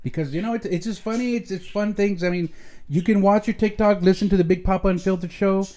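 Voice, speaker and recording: A man's voice: high voice, fast, darkish tone. A middle-aged man hosting a podcast at home, chatting casually in a rambling, joking way with Spanish slang mixed in. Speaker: podcast host. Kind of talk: casual chat.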